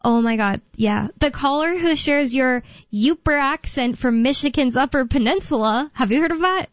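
A woman's voice: sits high, lively intonation, moderate pace, no echo. A woman co-hosting a call-in talk radio show, chatting casually and rambling a bit with frequent laughs. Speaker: radio co-host. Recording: dull lo-fi radio sound.

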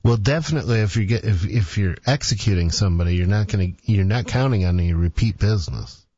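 A man's voice: on the low side, fast talker, warm tone, husky, no echo, lo-fi sound. A male radio host with a dry, sardonic manner, bantering with his co-host and callers.

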